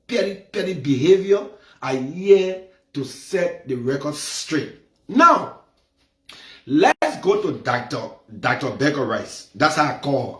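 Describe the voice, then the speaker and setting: A man talks straight to his viewers, hammering each point home by saying it again and again. His voice swings widely in pitch while his pace stays slow and deliberate. The recording carries a noticeable room echo. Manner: repetitive, emphatic, gets heated. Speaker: commentator. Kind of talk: casual commentary. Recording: echoey room.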